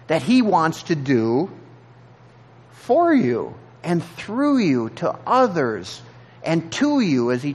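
A man preaching a sermon in an earnest, halting way, often repeating words as he searches for the next thought. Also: fairly high pitch. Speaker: pastor.

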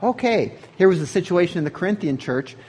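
A man's voice: high-pitched, animated, quick pace, darkish tone, husky. A man preaching a sermon as pastor, in an earnest, conversational way.

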